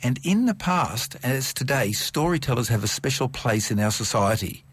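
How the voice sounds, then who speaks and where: A middle-aged man talking science on radio, animated and piling up vivid examples. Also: mid-range voice, moderate pace, breathy edge, dry recording. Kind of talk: enthusiastic radio science chat. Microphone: studio microphone.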